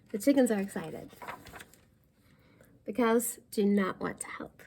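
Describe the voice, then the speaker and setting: Brief: woman storytime reader, mellow and a bit gravelly, reads a picture book aloud and explains words to kids. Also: mid-range voice. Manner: pauses to explain words for young listeners.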